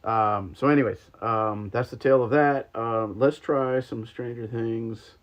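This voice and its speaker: A man's voice: medium pitch, fairly even intonation, unhurried, few pauses, a little hiss or hum. A man hosting a livestream, chatting casually and rambling with lots of ums and likes while taste-testing sodas. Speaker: podcast host. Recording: slightly dull lo-fi stream audio.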